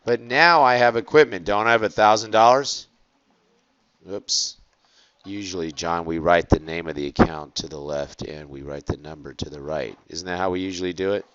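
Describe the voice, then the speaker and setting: A man teaching an accounting lecture, asking the class quick rhetorical questions and stretching out key words. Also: low voice, a bit bright, dull audio.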